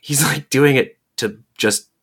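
A man's voice: medium pitch, a little slow, a bit bright, slightly rough. A man co-hosting a casual podcast, musing at length and leaning on "like" as he talks. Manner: rambling, frequent "like" fillers. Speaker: podcast co-host. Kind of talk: casual chat.

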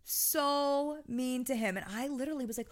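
Animated woman dog trainer. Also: moderate pace. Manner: animated storytelling, jumps high when quoting. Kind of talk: casual podcast chat.

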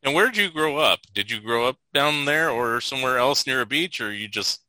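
Bright sounding guy from california, chatty host, laughs a lot, dry mic. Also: medium pitch, expressive, a little fast, no echo, rough recording. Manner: laughs often, asks questions. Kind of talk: casual interview chat.

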